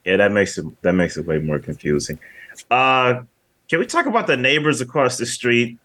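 A man's voice: medium pitch, sing-song, normal speed, a bit bright. A man casually chatting as a podcast co-host, rambling and often repeating his words. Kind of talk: casual movie review chat.

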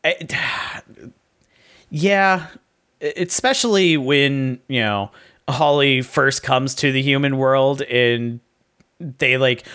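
A man's voice: medium pitch, takes it slowly, pushed and bright, clean tone. A man casually chatting as a podcast co-host, with wry, sarcastic asides. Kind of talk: casual movie review chat.

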